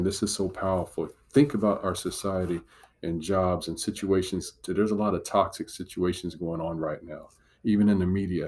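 A man with a deep, darkish, slightly rough voice gives a devotional teaching talk as a Christian motivational speaker. Earnest and encouraging, he drives his points home through repetition.

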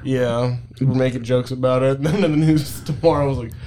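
A man's voice: mid-range voice, fairly even intonation, brisk, mellow, slight background noise. A man co-hosting a podcast in casual chat, laughing often and finishing his partner's sentences. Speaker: podcast co-host.

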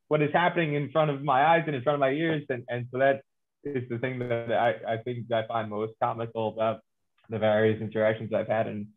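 A man's voice: fairly high pitch, fast talker. A man with an American accent, a guest cricket journalist telling stories in an interview and acting out the people who doubt him. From United States (New York, New Jersey). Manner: animated storytelling, acts out incredulous people. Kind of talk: remote interview conversation. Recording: tinny phone-like line.

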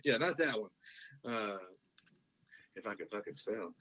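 A man's voice: fairly low pitch, lively intonation, measured pace, sharp tone, husky. A man in his thirties, chatting casually, rambling with lots of fillers, restarts and swearing. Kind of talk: casual chat. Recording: dull lo-fi sound.

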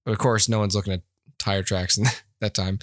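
A man's voice: on the low side, flat delivery, moderate pace, no room sound, studio quality. A man co-hosting a podcast, chatting casually about a film, rambling and laughing as he acts out his reactions. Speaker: podcast co-host. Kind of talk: casual film-review chat.

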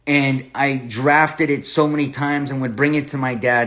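A man of ordinary middle pitch hosts a Bible study podcast. He tells a personal story earnestly, often repeating and restarting his words as he goes. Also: fairly even intonation, normal speed, hardly any pauses, fairly bright tone. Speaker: podcast host and Bible teacher.

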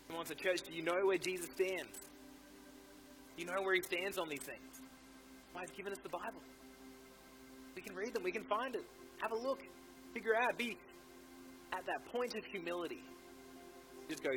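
A man's voice: high voice, normal speed, sharp tone, low-quality recording. Fervent man preaching over music. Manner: fervent, exhorting, repeats "come on". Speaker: pastor. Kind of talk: sermon. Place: church.

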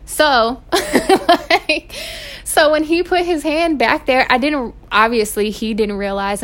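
A young woman, hosting her podcast and telling stories in a casual, animated way. She laughs often and swears freely. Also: a little high. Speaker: podcast host. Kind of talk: casual storytelling. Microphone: home recording setup.

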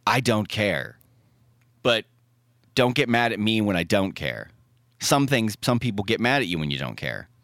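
A man's voice: lowish voice, normal speed, pauses often, no room sound, studio quality. A young man telling stories in casual chat, blunt and profane, acting out what people said. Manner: profane, blunt storytelling with animated quoted asides.

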